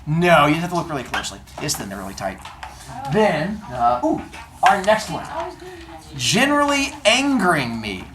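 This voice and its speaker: A male teacher holds forth to his class in a playful, mock-stern way, dropping deadpan jokes. His pitch swoops about with animation. Steady noise hangs under the voice in this classroom recording. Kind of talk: classroom talk with deadpan humor.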